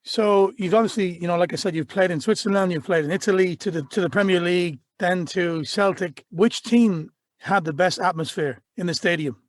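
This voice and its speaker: A man's voice: high-pitched, fairly quick, hardly any pauses, dry recording, studio quality. A man hosting a football podcast, asking upbeat, leading questions. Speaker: podcast host. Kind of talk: interview questions.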